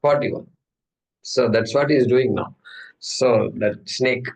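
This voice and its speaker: A man's voice: mid-range voice, slow pace, creaky, darkish tone, rough recording. Man teaching a scripture class. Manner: humorous, conversational, asks and answers his own questions. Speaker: Gita teacher.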